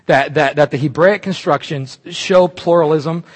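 A man preaching a sermon, animated and emphatic, breaking off into asides and restarts. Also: fairly high pitch, moderate pace, husky, long reverb tail. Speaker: pastor.

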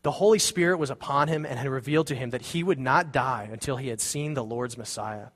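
Male pastor, mid-pitched, earnest sermon delivery, fervent peaks, loose casual asides. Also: a little fast, hardly any pauses, a bit bright. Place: church sanctuary.

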